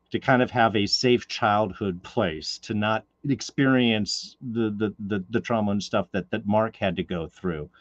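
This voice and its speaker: A man's voice: lowish voice, no echo. A man hosting a casual podcast discussion, talking in a thoughtful, rambling way with lots of fillers, recorded on a dull lo-fi mic. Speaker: podcast host.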